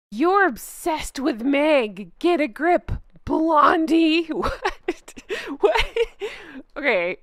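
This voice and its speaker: High, lively, sarcastic woman commentator. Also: dry recording, clean studio sound. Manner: sarcastic, laughs often. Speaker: YouTube commentary host. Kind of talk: casual commentary reading comments aloud.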